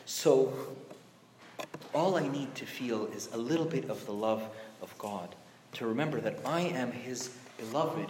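A man's voice: mid-range voice, expressive, measured pace, a little mellow. A man preaching a sermon in a conversational, emphatic way, his voice rising on exclamations. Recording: echoey hall with faint background noise.

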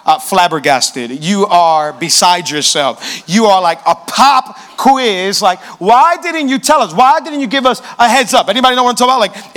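High, bright-voiced young pastor preaching. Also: male voice. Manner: energetic storytelling with rhetorical questions to the congregation. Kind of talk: sermon.

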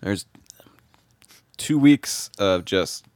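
A man's voice: sits low, lively intonation, extremely slow, a little mellow, smooth, no echo, clean studio sound. A man co-hosting a podcast in casual chat, congested from a cold and often exasperated. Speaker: podcast co-host.

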